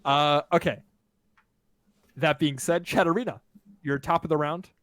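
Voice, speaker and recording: A man's voice: fairly high pitch, fairly even intonation, measured pace, fairly bright tone. Casual man running a tabletop game. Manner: casual, counts out movement step by step. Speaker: game master.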